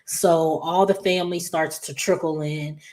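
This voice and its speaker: Low-voiced woman chatting through a recap. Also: measured pace. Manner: chatty, animated retelling with many fillers. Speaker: soap opera recap reviewer. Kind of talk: casual episode recap.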